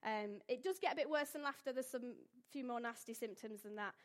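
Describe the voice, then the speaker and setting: A young woman speaks to a gathered audience in a loose, informal way. Her voice sits high, and she keeps things light with asides and questions to the listeners. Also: a little fast. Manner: chatty, jokey, asks the audience questions. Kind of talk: informal talk to a live audience.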